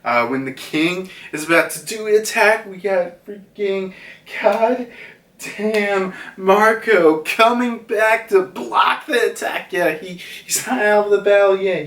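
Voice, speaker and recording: Rambling young man recapping slowly. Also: high voice, fairly bright tone. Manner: rambling, filler-heavy, acts out dialogue. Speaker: manga reviewer. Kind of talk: casual chapter recap. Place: room at home. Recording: roomy, from a distance.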